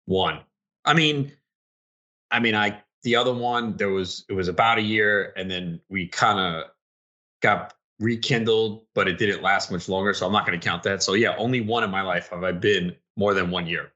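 Radio host, lower male voice with a bright edge, blunt offhand casual chat. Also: normal speed, lo-fi sound.

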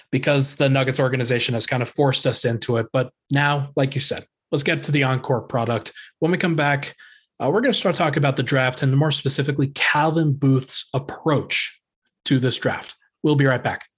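A man hosting a sports podcast with a hyped-up, energetic delivery. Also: medium pitch, normal speed, breathy edge. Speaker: podcast host.

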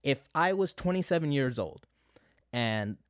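A man's voice: mid-range voice, lively intonation, measured pace, no room sound. Young male vlogger, casual nostalgic monologue, dry recording. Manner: conversational, many fillers and asides.

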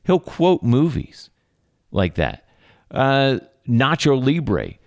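A podcast host in his thirties tells rambling, animated stories about his kids in a casual chat, laughing along the way. His medium-pitched voice is very slow, and the clean studio sound has no room sound.

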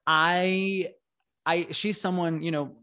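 A man's voice: sits high, fairly even intonation, takes it slowly, sharp tone. A man speaking as a podcast guest in casual conversation, hesitant and searching for his words.

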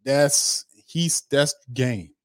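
A man hosting a sports podcast, talking in an animated, repetitive way. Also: medium pitch, extremely slow, a little hiss or hum. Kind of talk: casual sports commentary.

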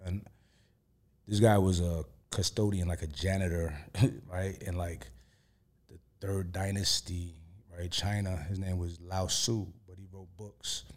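A man's voice: sits low, little pitch movement, a little slow. A man as an interview guest, telling stories in a laid-back, profane way with lots of "you know" fillers. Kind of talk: casual storytelling.

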